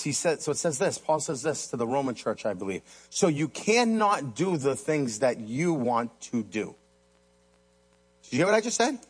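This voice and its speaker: A male pastor preaching a sermon to a church congregation, impassioned, moving between soaring emphasis and low earnest asides, with many rhetorical questions. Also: breathy edge.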